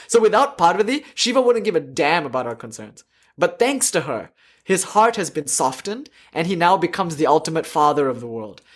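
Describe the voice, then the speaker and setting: Husky-voiced male storyteller. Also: a little high. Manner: animated, irreverent, lively asides. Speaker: teacher. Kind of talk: storytelling lecture.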